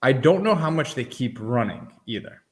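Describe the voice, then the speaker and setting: A man's voice: medium pitch, very animated, moderate pace. Easygoing podcast host man. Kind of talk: casual chat.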